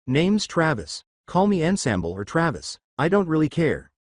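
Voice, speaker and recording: A man playing a laid-back, sardonic young American man who speaks in an offhand way. The pitch stays lively. The reading is dry and close. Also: normal speed, no echo.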